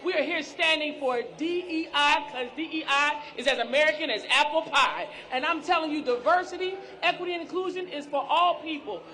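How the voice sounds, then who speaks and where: A woman's voice: sits high, fairly quick, few pauses, sharp tone. A woman speaking emphatically at an outdoor street rally, leading chants. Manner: emphatic, declarative. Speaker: rally speaker, organization president. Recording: crowd noise at outdoor rally.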